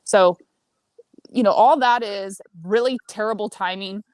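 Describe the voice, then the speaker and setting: Brief: woman in her forties, podcast guest, blunt and lively storyteller with a mid-range voice, dry close recording. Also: mid-range voice, a little slow, no echo. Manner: blunt and animated, swears freely. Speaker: senior marketing director. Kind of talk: casual storytelling chat.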